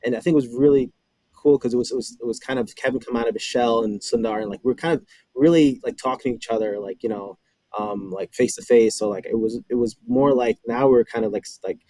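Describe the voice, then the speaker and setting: Rambling man with a mellow voice. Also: mid-range voice, fast, no room sound, poor audio. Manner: rambling, lots of fillers. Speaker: former web series cast member. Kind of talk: casual chat.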